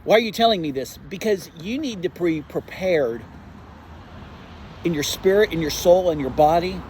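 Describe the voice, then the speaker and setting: High-voiced fervent man preaching. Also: animated, moderate pace, darkish tone, a little hiss or hum. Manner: fervent preaching, swinging between urgent highs and low warnings. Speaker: pastor. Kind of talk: sermon.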